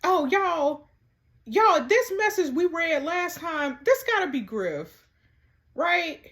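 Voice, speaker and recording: A woman giving sassy, animated commentary while playing through a texting story game. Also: very high voice, slow pace. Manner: animated, sassy, laughs often. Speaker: content creator.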